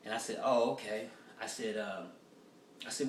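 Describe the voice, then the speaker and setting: A man works through a rough draft of stand-up material, swearing freely and rambling through his stories with plenty of filler words. He sounds set back from the mic, and the room around him is echoey. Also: on the low side, moderate pace, distant mic, slight background noise. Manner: profane, rambling storytelling with many fillers. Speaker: stand-up comedian.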